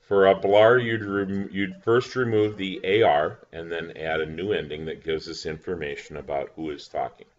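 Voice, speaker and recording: Deep voiced guy teaching a lesson, slow and patient, spells stuff out, kinda dull lo-fi sound. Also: fairly even intonation. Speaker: language teacher. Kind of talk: recorded classroom lesson.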